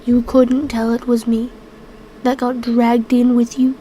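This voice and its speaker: A woman voicing a wounded, weary male prisoner who answers flatly and with irritation. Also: fairly high pitch, a little slow, a little hiss or hum, close to an everyday voice. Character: wounded, weary man prisoner, curt and dismissive.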